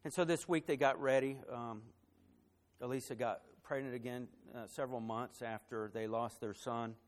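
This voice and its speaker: A man delivers a sermon as pastor in a mid-range, steady-toned voice at normal speed. Along the way he repeats words and uses some fillers, building to emphatic loud phrases before going soft to share a personal story.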